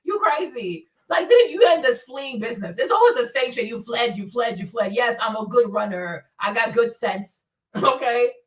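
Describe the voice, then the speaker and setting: A woman's voice: a little high, lively intonation, moderate pace, far from the mic, poor audio. A woman who immigrated to the US, hosting a casual opinion commentary and ranting bluntly, sarcastically and profanely. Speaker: commentary channel host.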